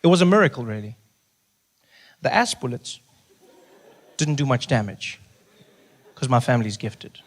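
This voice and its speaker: A man's voice: mid-range voice, moderate pace, long pauses. A man doing stand-up comedy, telling a story and acting out the people in it. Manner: animated, acts out characters, shouting bursts.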